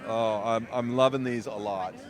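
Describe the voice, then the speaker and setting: A man's voice: on the low side, steady tone, normal speed. A man talking in an outdoor interview at a theme park, enthusiastically rambling about the food on offer. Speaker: food and beverage staff. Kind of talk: casual interview.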